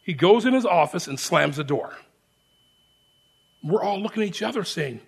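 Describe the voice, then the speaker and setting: A man preaching a testimony as a lively story, speaking to the congregation as friends. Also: high voice, normal speed, gravelly, pauses often, slightly rough. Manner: animated storyteller, shouts the sergeant's lines. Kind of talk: sermon storytelling.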